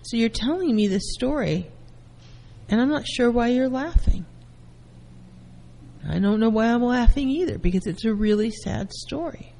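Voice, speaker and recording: A woman therapist giving a calm lecture, explaining terms through everyday first-person examples. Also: a little high, normal speed, pauses often, long reverb tail, low-quality recording. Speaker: therapist teaching.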